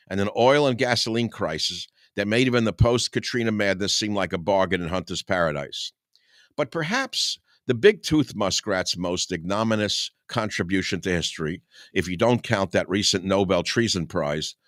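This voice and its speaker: An older man with a low voice reads his own satire aloud, breaking off for sharp, combative asides. His delivery is sarcastic and chuckling, and the sound is dry and close to the mic. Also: dry recording. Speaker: radio talk host.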